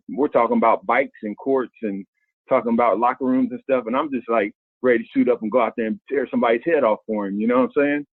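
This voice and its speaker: A middle-aged former basketball player telling stories in an interview, acting out what others said. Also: male voice, mid-range voice, slightly rough, no echo. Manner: animated storyteller, acts out quoted voices. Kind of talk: candid storytelling interview. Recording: thin phone-like sound, dry.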